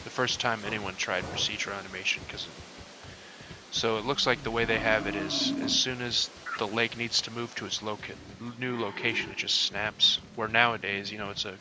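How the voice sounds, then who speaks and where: A gaming channel host, a young man, commentates casually over his own gameplay, rambling offhand with plenty of fillers and casual swearing. His voice is lowish and brisk with fairly even intonation, and he hiccups and clears his throat now and then against a noisy background.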